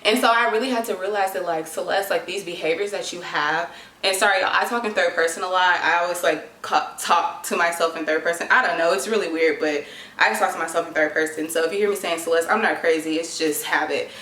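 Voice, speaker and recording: A young woman vlogger talks casually to camera in an echoey room, giving advice in a chatty, dramatic way and saying "like" constantly. Her voice is lowish, pushed and bright, and she speaks quickly.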